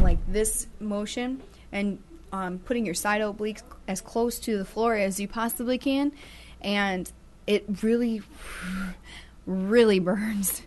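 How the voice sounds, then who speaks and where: A woman co-hosting a casual web talk show, chatty and encouraging, with playful teasing. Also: mid-range voice. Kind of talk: casual chat.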